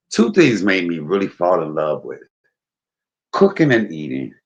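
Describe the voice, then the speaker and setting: A man cooking at home on a livestream, chatting to viewers as y'all and breaking into high excited bursts. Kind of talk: casual livestream cooking chat. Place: home kitchen. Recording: roomy, dull livestream audio.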